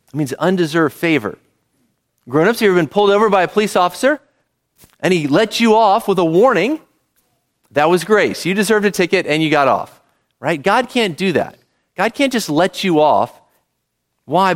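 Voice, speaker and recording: Male pastor, higher voice, animated delivery, chatty sermon to his congregation. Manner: lively, conversational, asks the congregation questions.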